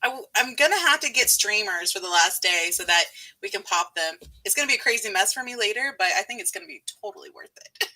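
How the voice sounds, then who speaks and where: Bubbly bright-voiced woman with light Southern accent. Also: medium pitch, animated, fast, poor audio. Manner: bubbly, laughs often. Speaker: writing live-stream host. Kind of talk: casual live-stream chat.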